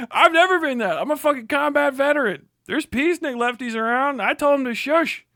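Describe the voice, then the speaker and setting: High-voiced man in a furious profane rant. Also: moderate pace, dry recording, clean studio sound. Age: 30s. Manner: profane, shouting insults, bursts of laughter. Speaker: livestream host. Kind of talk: angry livestream rant.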